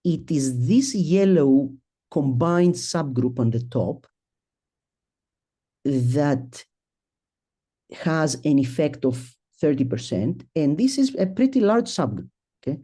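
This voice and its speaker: A middle-aged man presenting a statistics talk at a symposium, speaking haltingly, restarting sentences and thinking aloud as he works through his slides. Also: a little high, expressive, warm tone. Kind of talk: academic statistics lecture.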